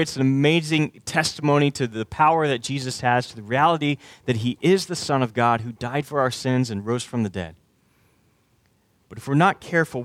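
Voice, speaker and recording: A man with a slightly high voice delivers a sermon as pastor. He preaches in a relaxed, conversational way and acts out the voices in the story. The sound is dry and close. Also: no echo.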